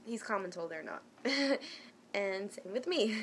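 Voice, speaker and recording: A young woman tells her viewers a personal story in a relaxed, chatty way, animated and full of fillers and restarts. Her voice sits at a medium pitch and she takes her time, with a faint hiss or hum in the background.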